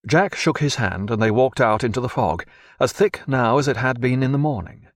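A man narrating a novel chapter in measured, expressive storytelling. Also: mid-range voice, dry recording, clean studio sound. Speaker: audiobook narrator. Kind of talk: scripted narration.

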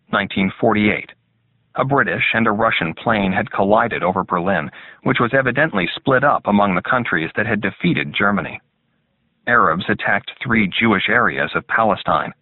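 A man with a lowish voice narrates an audiobook from a script, telling the story in a measured, even way. The recording is dry and tinny, like a phone, with no room sound.

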